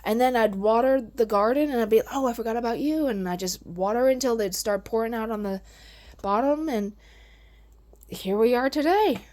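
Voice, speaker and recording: A woman's voice: a little high, normal speed, a little mellow. Gushing, chatty woman plant vlogger. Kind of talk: casual plant vlog.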